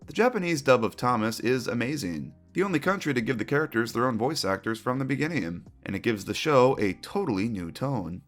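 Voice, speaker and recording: Wry male video essayist, lively pitch. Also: brisk, hardly any pauses, soft background music. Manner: opinionated, wry commentary. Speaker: retrospective video narrator. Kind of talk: scripted commentary.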